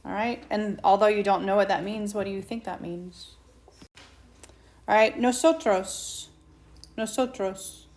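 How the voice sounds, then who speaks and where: A woman teacher, slowly and patiently walking students through a Spanish lesson and asking them questions. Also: mid-range voice, fairly even intonation, a little mellow. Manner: slow patient explaining, asks students questions. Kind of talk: recorded whiteboard lesson. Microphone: tablet mic.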